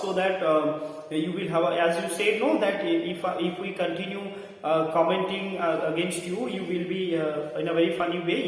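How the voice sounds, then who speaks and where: A man explaining a play in class, full of fillers as he paraphrases the lines. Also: a little high. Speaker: literature teacher. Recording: echoey hall from far off.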